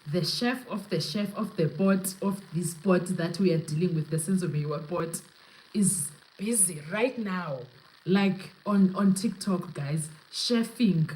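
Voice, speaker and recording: A woman's voice: lowish voice, a little slow, darkish tone, a little hiss or hum, low-quality recording. A young South African woman hosting a live podcast, talking casually and animatedly, switching between English and Zulu and laughing often. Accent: South African, mixing in Zulu. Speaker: podcast host. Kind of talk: casual live-stream commentary.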